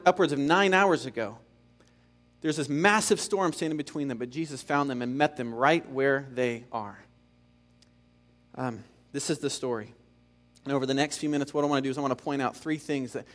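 Emphatic preaching man, fairly high voice. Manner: builds to emphatic passages, then drops quiet; repeats key phrases for emphasis. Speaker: pastor. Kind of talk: sermon.

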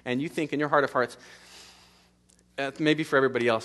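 A man's voice: mid-range voice, steady tone, quick pace, fairly bright tone. A middle-aged man preaching a sermon in a church, with an emphatic, repetitive cadence that builds through lists of short phrases. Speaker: pastor. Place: church sanctuary.

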